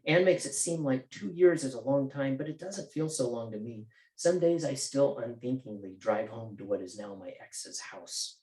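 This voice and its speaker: A man's voice: mid-range voice, animated, normal speed, hardly any pauses, dark tone. A male author reading from his novel at a bookstore event, with casual joking asides. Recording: roomy bookstore echo.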